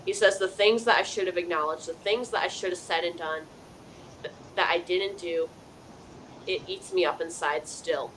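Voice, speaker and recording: A woman with a fairly low voice hosts a live psychic call-in show. She talks earnestly and casually, passing on a spirit's words in first person. A faint hiss sits under her voice. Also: steady tone, moderate pace, a bit bright, rough recording. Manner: chatty with fillers like "you know". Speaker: psychic medium host.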